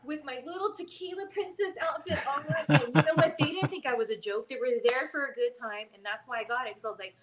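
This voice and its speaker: A woman, a former wrestler and podcast co-host, telling stories in a casual chat, lively and acting out the voices of the people she quotes. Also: fast, hardly any pauses, a loud crowd. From Mexican heritage. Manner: animated, acts out quoted voices with big pitch jumps.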